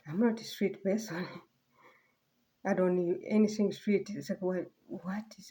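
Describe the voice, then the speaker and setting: Brief: woman vlogger, mellow soft voice, halting and rambling, slips to near whispers. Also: lowish voice. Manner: halting, rambling, many fillers and restarts. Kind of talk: casual personal vlog monologue.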